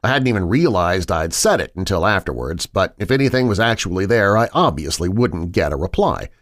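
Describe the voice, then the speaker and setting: A man with a low voice narrates a horror story in a measured, suspenseful way. His pitch moves a lot, rising and falling with the tension. The sound is dry and close, with no room echo. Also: animated. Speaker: horror podcast host and narrator.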